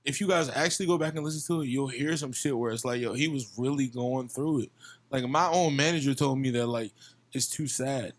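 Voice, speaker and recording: A man's voice: mid-range voice, fast talker. A young man from Virginia, a musician guest on a podcast, talking in a passionate, profane casual chat and often repeating himself.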